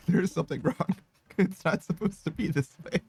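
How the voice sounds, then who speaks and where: This man streams a game and talks casually with viewers in a high, gravelly, husky voice with a darkish tone, at a moderate pace. He rambles, giggles often, swears a lot and mocks himself. The close mic is dry, with faint music behind him.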